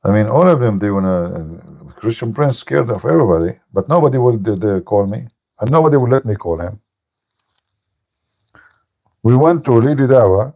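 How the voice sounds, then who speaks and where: A man's voice: medium pitch, animated, normal speed, a little mellow. A man hosting a live call-in stream, delivering a mocking, taunting monologue in broken English and laughing at his own jokes. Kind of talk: combative monologue.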